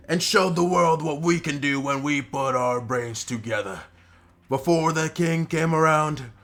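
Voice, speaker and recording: Guy putting on a drunk goblin chief, high and loud, slow boastful speech. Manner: loud proclaiming speeches, slowed and drawn out.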